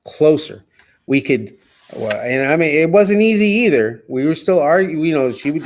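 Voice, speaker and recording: Animated man telling his story. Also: a little high, normal speed. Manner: animated, acts out quotes. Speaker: guest. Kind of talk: casual storytelling.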